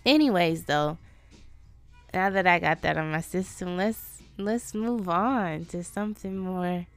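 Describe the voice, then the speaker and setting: A woman's voice: lowish voice, a little slow, faint music behind. A woman hosting her own podcast, venting in a casual, profane, self-deprecating way. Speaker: podcast host. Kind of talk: casual solo podcast monologue.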